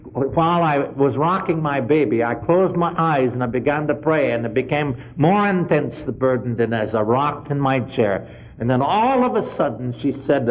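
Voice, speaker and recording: Man preaching over a dull lo-fi recording. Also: medium pitch. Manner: retells a story with frequent "he said", surging to loud emphatic peaks. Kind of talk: storytelling sermon.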